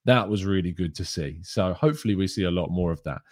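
A man hosting a football show from home, reading viewer questions and talking in a subdued, low register with plenty of casual fillers. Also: fast talker, darkish tone, dry recording, studio quality. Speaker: football podcast host. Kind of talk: live-stream chat about football, reading viewer questions.

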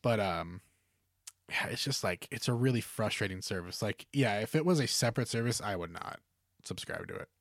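A man's voice: lowish voice, expressive, a little fast, a bit bright, no room sound, clean studio sound. A man co-hosting a casual podcast chat, rambling and full of fillers. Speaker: podcast co-host.

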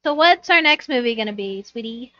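A woman's voice: on the high side, expressive, a little fast, pushed and bright. A woman co-hosting a podcast, teasing playfully and laughing often in casual chat. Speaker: podcast co-host. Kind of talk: casual chat about a bad movie. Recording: slightly dull, lo-fi sound.

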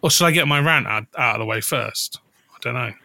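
A man's voice: medium pitch, fairly quick, gravelly, bright, forceful tone, slight background noise. A man hosting a casual podcast, talking in a rambling way with many restarts and some swearing. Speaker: podcast host.

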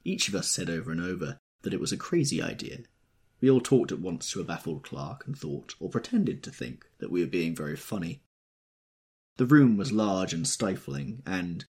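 A man's voice: low voice, a little mellow, husky. A man reading an audiobook aloud in a wry, reflective storytelling manner. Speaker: audiobook narrator. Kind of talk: scripted audiobook narration.

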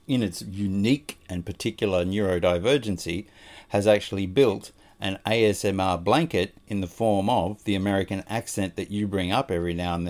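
Low-voiced guy hosting a chill podcast, gentle and reassuring. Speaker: podcast host. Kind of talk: casual chat.

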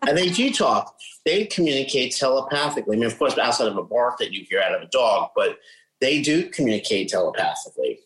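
A man's voice: medium pitch, quick pace, low-quality recording. A man, a psychic medium talking casually in an interview and imitating voices as he explains. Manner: chatty, animated, imitates voices he describes.

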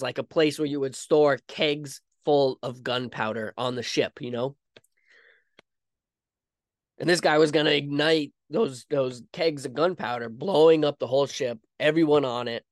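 A man's voice: medium pitch, measured pace, no echo, studio quality. A man hosting a podcast, telling a history story in a chatty, casual way with frequent asides. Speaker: podcast host.

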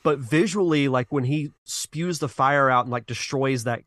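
A man's voice: medium pitch, normal speed, fairly bright tone, dry recording. Rambling man hosting a retro podcast. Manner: earnest, rambling, many restarts and sighs. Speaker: podcast host. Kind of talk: casual chat.

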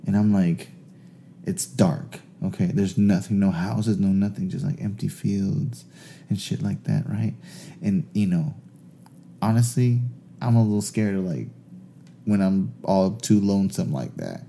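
A man's voice: sits low, a little slow, creaky, a little hiss or hum. A man telling a long casual story, swearing freely and laughing as he goes. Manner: animated, profane, laughs through his stories.

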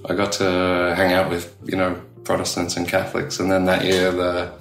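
A man's voice: low voice, monotone, moderate pace, gravelly, echoey room, faint music behind. An Australian man chatting casually as an interview guest, rambling with lots of fillers and laughs. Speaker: tattoo studio owner, guest.

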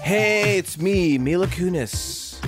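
A man's voice: expressive, slow, loud music behind the voice. A man putting on a brash, crude bad-mom film star in a comedy skit. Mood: chirpy. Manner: brash, crude, high-spirited. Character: boastful bad mom, a film actress, adult woman.

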